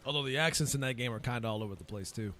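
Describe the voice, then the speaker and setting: A man's voice: medium pitch, racing, a bit bright, a little hiss or hum. A man commentating casually over his gameplay as a gaming YouTuber, rambling with lots of fillers. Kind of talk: let's-play commentary.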